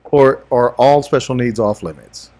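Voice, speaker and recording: A man's voice: medium pitch, measured pace, dark tone. A man co-hosting a podcast in casual chat, reacting briefly and asking blunt questions. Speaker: podcast co-host.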